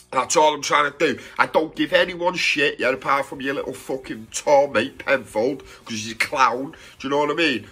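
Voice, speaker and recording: A young man delivers a furious call-out rant to his camera, swearing hard and circling back to "do you know what I mean". His voice is husky and tense, with a rough edge. It sits a little higher than most men's. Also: pushed and bright. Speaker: live streamer and vlogger.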